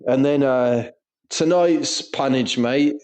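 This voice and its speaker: A man's voice: mid-range voice, takes it slowly, darkish tone. A young man co-hosting a podcast, chatting casually and swearing through stories and banter. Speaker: podcast co-host. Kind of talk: casual chat.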